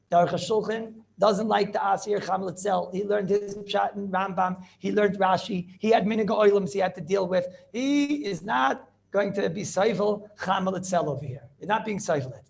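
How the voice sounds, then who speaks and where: High-pitched gravelly rabbi teaching a class. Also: male voice, moderate pace, few pauses. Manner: animated, rhetorical, keeps asking "right?" and mixing Hebrew and Yiddish terms. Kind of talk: informal yeshiva shiur.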